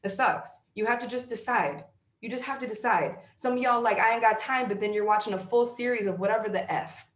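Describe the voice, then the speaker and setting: A woman's voice: mid-range voice, a little fast. A woman speaking as an interview guest, giving emphatic, preachy motivational talk and repeating her key phrases for weight. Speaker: guest, sales team leader. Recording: roomy echo.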